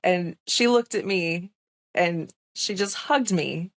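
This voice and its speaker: A young woman nurse tells a personal story in a relaxed interview, her voice low and gravelly with plenty of vocal fry. She talks in a chatty, emphatic way, full of "like" and "um". The sound is close and dry, with no room echo. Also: takes it slowly. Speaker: nurse, podcast guest.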